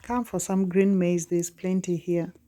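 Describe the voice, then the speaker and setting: A woman's voice: fairly low pitch, fairly even intonation, unhurried, warm tone, slight background noise. A woman vlogging from village life, talking casually and straight to her viewers. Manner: chatty, speaks straight to viewers.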